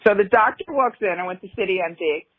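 A woman co-hosting a podcast in casual chat, an animated storyteller who swears freely. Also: medium pitch, quick pace. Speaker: podcast co-host. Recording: tinny phone-like audio.

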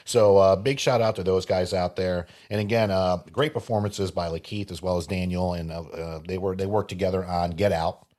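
A man's voice: low voice, steady tone, moderate pace, darkish tone. A man co-hosting a podcast, chatting loosely about a film, rambling and laughing often. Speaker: podcast co-host. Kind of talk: casual movie chat with read ad spot.

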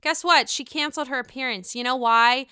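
A young adult woman hosting a casual podcast recap, profane, sarcastic and animated. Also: high voice, a little fast, very noisy. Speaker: podcast host.

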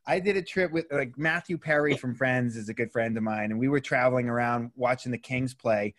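A man's voice: mid-range voice, a little fast, fairly bright tone. A man telling enthusiastic, profane stories in casual chat.

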